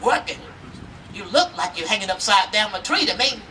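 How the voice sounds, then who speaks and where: A storyteller woman voicing a big, gullible male bear who asks slow, puzzled questions, recorded from afar outdoors. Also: medium pitch, lively intonation, bright, forceful tone. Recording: outdoor, mic far off, faint noise.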